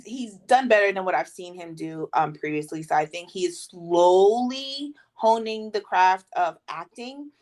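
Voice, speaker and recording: A woman co-hosting a movie podcast, giving her opinion in a rambling way with lots of ums. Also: fairly low pitch. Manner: rambling, many ums, lively quoting. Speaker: podcast co-host. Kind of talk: casual chat.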